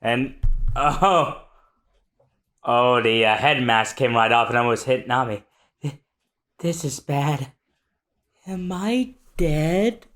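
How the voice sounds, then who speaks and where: A podcast co-host reads a comic in a slow, easygoing way. The pitch swings widely between low murmurs and higher character lines. Laughter comes often between the lines. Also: expressive, fairly bright tone. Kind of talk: casual chat, manga readthrough.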